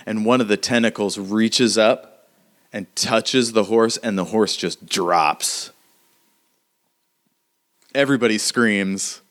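Acting as game master for a tabletop game, a man narrates casually and fills his talk with fillers. His voice is somewhat low and fairly bright, and he speaks slowly with frequent pauses.

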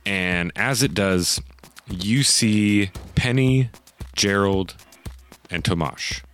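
A man narrating a tabletop game as game master, in a loose, lively storytelling way. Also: on the low side, extremely slow, smooth, faint music behind.

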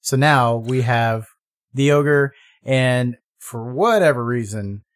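A man's voice: medium pitch, slow pace. A man in casual chat reviewing a fantasy movie, mocking its lines in exaggerated voices.

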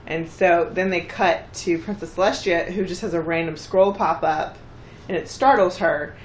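A woman co-hosting a casual podcast recaps a cartoon episode at a normal speed, acting out the characters' lines with bursts of pitch in a chatty style. The room is echoey, with a little hiss or hum.

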